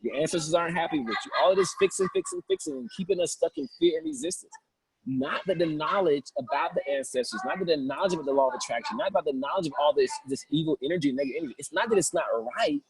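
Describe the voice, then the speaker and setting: A man's voice: a little high, expressive, fast talker, creaky, low-quality recording. A man giving an impassioned spiritual seminar talk in a casual, colloquial preaching manner, often acting out the voices he quotes.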